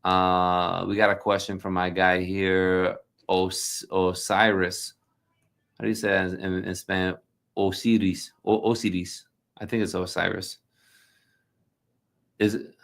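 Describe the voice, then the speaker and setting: A man with a lowish voice hosts a loose, unscripted livestream Q&A. He rambles and jokes, scattering fillers as he answers viewer questions. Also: steady tone, moderate pace, fairly bright tone. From New Jersey. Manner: chatty, joking, rambling with fillers. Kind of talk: casual livestream Q&A.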